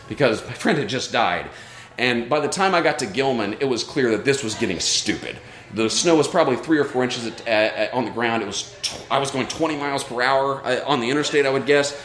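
A man's voice: mid-range voice, fairly bright tone. Earnest male storyteller in a roomy venue. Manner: earnest and reflective. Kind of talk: live personal storytelling. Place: live show at a brewery. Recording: roomy live venue sound.

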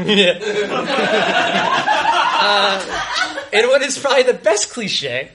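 A young man telling a self-deprecating true story on stage before a live audience, halting and restarting his sentences. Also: high-pitched, expressive, very noisy.

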